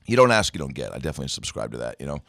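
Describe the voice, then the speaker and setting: A man, a comedian guest in a studio, telling stories in an animated, profane way in casual chat. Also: very deep voice, rapid-fire, gravelly, no room sound.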